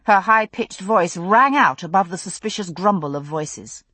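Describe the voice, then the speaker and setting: A woman narrating a novel in an expressive storytelling way on a close studio mic. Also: fairly low pitch, moderate pace, slightly rough, dry recording. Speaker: audiobook narrator.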